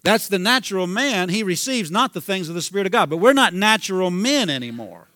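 A man with a Southern US accent preaches with fervor, circling back over his points and calling out hallelujah. His voice sits high and bright. The sound is close and dry, with no room echo. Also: big pitch swings, fairly quick. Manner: fervent, repeats himself, calls out hallelujah. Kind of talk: sermon.

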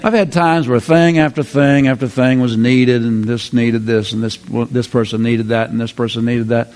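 A man's voice: mid-range voice, steady tone, normal speed, a little mellow. A man preaching a sermon as pastor, exuberant and repetitive, often laughing.

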